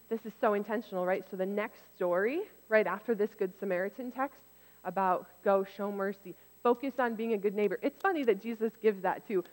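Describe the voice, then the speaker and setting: A woman giving a casual, conversational sermon, turning lively when she acts out what others said. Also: medium pitch. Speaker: preacher. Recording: long reverb in a hall.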